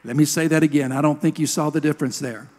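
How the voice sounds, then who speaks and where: High-voiced preacher in a reverberant hall. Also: male voice, steady tone, fast talker, a little mellow. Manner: storytelling, emotional. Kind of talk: sermon.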